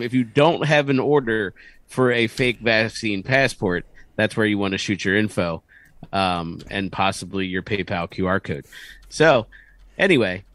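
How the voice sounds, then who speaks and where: A man's voice: fairly low pitch, fairly bright tone, no room sound. A man co-hosting a podcast, wisecracking, laughing often and reading out the show's plugs. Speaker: podcast co-host. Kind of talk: casual podcast banter.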